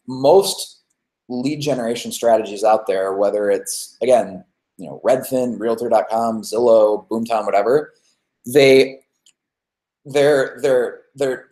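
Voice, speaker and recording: Guy doing a chatty marketing webinar, lots of "like" and "right?", mid pitch, echoey room. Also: mellow. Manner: casual, heavy fillers like "right?" and "like". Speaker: real estate marketing presenter. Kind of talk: webinar presentation. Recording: roomy echo.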